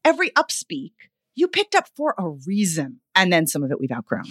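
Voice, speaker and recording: A woman vocal coach being interviewed on a podcast, talking in an animated, expressive way. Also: brisk, no room sound, clean studio sound. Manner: animated, expressive, wide pitch swings.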